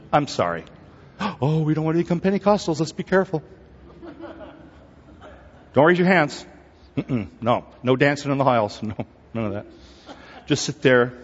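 A man preaching a sermon in a church, lively and conversational, who teases and prods his congregation as he goes. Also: medium pitch, husky. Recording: echoey hall, dull sound.

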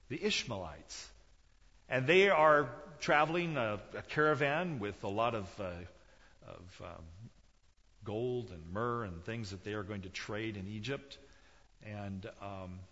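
A man's voice: mid-range voice, a bit bright. Man preaching in a reverberant hall. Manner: dramatic, acts out quoted voices, rises and drops in intensity. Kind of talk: sermon storytelling. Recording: dull sound in a reverberant hall.

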